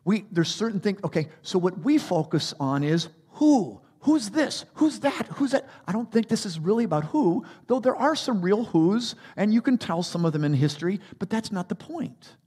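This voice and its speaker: A man preaching a sermon as a pastor, animated, rising to emphatic peaks and dropping to quiet asides. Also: sits high, moderate pace, hardly any pauses, husky.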